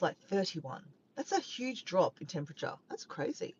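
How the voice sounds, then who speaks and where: A woman's voice: fairly low pitch, sing-song, moderate pace, few pauses, a little mellow, muffled recording, a little hiss or hum. A woman with an Australian accent, chatting casually to a live stream from her parked car, rambling and tripping over her words. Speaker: vlogger.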